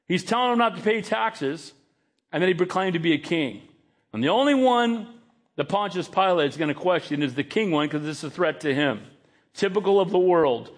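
A male pastor preaching a sermon, emphatic and dramatic as he retells a scene. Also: high voice.

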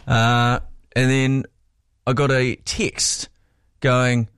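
A man's voice: mid-range voice, level tone, very slow, fairly bright tone, clear, resonant tone, no echo, clean studio sound. A New man co-hosting breakfast radio, telling a story in casual chat and acting out the dialogue. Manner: chatty storyteller, acts out dialogue. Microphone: studio mic.

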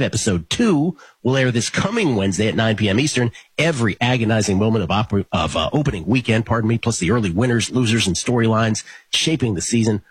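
Guy hosting a sports betting show, rough husky voice, bouncy and lively, rambles and restarts. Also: lowish voice, fast talker, few pauses. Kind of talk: casual sports talk.

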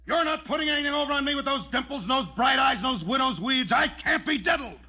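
A man's voice: very high-pitched, lively intonation, fairly quick, slightly rough, exaggerated voice. A man playing a hot-tempered, broke rancher in an old film, blustering. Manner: blustering, ranting, mock-pathetic. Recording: dull old film soundtrack.

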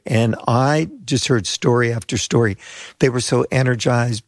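A man's voice: mid-range voice, fairly even intonation, moderate pace, no room sound, clean studio sound. An older man, a pastor and mission leader from the United States, telling stories as an interview guest and acting out the voices of people he quotes. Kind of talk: storytelling interview.

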